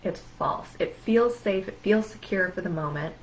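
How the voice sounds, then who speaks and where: A woman's voice: mid-range voice, moderate pace, slight background noise, low-quality recording. A woman therapist giving an educational talk on anxiety, speaking emphatically and listing words in rhythmic runs.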